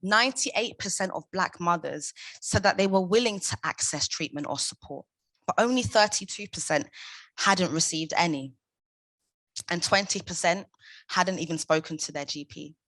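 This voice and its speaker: A young woman speaks at a conference in a low, forceful voice, pressing her points with passion and emphasis. The sound is close and dry, with no room around it. Her questions land hard and rhetorical. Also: moderate pace, no echo. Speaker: conference speaker, founder of a maternal support group. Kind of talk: prepared conference talk.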